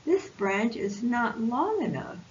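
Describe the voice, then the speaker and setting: A woman voicing an eager, bold young male possum from a picture book, speaking in a quick, excited way. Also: fairly high pitch, highs cut off, slight background noise.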